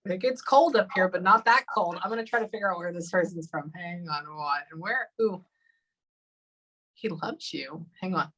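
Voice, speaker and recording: A woman's voice: lowish voice, a bit bright, slightly rough, low-quality recording. A woman working as a psychic medium during a live reading session, often stopping to say hold on and um. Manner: halting, often pausing with hold on and um.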